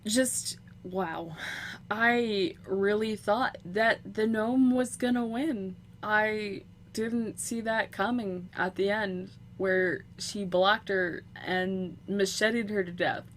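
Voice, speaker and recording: A woman giving casual video game commentary into a home computer microphone, excitable, swearing freely and breaking into loud exclamations. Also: medium pitch, slow, slight background noise. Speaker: gameplay commentator.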